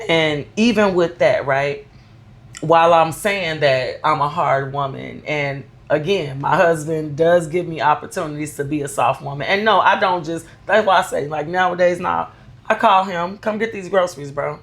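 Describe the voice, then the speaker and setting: A woman with a deep voice speaks at normal speed as a podcast co-host. In casual chat, she talks candidly and emphatically about motherhood, sharing personal stories.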